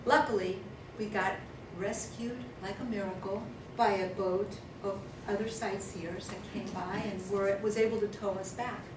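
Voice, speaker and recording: A woman giving a humorous storytelling speech as guest speaker, lively and chuckling, acting out sounds. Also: mid-range voice, moderate pace. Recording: echoey room from far off with noise.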